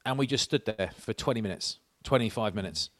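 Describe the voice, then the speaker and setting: A man's voice: lowish voice, a little fast, fairly bright tone. A man, chatting on a podcast and telling stories with laughs and swearing. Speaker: podcast co-host. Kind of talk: casual chat.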